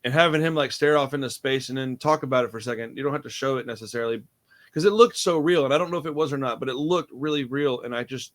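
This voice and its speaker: A man's voice: mid-range voice, quick pace. A young man hosting a casual movie review chat, laid-back and rambling, calling his friend dude and bro. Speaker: host.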